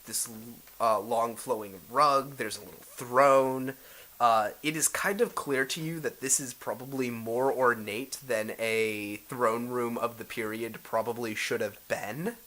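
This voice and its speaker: A man's voice: medium pitch, pushed and bright, poor audio. A man narrating as game master of a tabletop role-play game, hesitant with many fillers.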